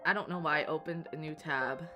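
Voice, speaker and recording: A woman's voice: low-pitched, fairly quick. A woman streamer chatting casually with her viewers, rambling and apologizing often. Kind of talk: casual live-stream chat. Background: soft background music.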